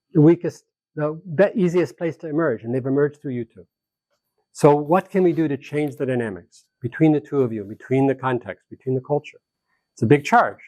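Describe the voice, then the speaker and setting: A man speaking as a conflict mediator at a seminar, telling a story with animated energy and acting out the people in it. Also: fairly high pitch, dry recording. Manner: animated, acts out quoted dialogue in the story. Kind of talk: storytelling lecture to a live group.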